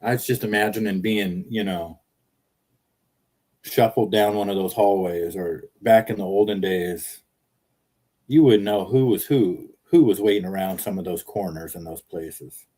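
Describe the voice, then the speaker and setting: A man with a fairly low voice hosts a loose livestream chat, talking into his phone from the car. He rambles from one thing to the next and reads viewer comments aloud with a joking edge. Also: unhurried, dark tone. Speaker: livestream host.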